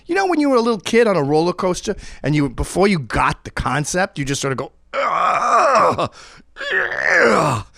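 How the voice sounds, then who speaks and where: A man riffing through a crude comic monologue in a voice that leaps up and down in pitch. He sits a little higher than most men, acts out yells and other people's lines, and mutters low asides. The sound is close and dry, with no room around it. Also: quick pace, few pauses, dry recording. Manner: animated, acts out screams and quoted voices. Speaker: comedic host. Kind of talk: profane comedic monologue.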